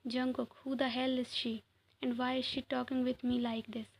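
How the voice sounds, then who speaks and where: Snooty angry girl, woman narrator doing her, high flat voice. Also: moderate pace, gravelly, poor audio. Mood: affronted. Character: haughty young woman, quick to anger.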